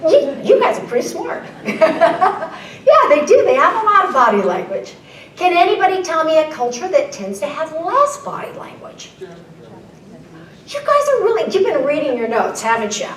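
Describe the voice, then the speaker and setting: A woman keynote speaker with a high, very lively voice. She speaks playfully and keeps calling on the audience with questions. Her voice sits a little back from the mic in an echoey conference room, with a faint rumble underneath. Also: normal speed, far from the mic. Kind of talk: live presentation to an audience.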